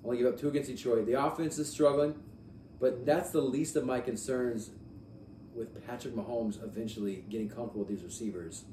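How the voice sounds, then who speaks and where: A man hosts a casual sports podcast. He chats in a lively, rambling way and repeats himself for emphasis. His voice sounds roomy and a little distant, with a faint hiss behind it. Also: mid-range voice, fairly quick. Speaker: podcast host. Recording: echoey room, mic at a distance, faint noise.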